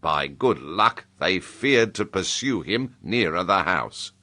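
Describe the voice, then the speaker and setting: A British man, voicing a gruff older soldier in an audiobook, forceful and urgent. He speaks with a hard, bright edge and plain, blunt words. The pitch sits low and steady. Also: takes it slowly, full character voice. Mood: grave. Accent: British English. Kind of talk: audiobook character voice.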